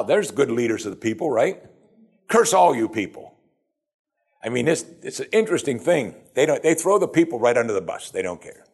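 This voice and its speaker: A man's voice: mid-range voice, a little mellow, husky. A man preaching a sermon in a conversational way, acting out the people he quotes. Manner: conversational, acts out quoted speakers. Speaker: preacher teaching from scripture.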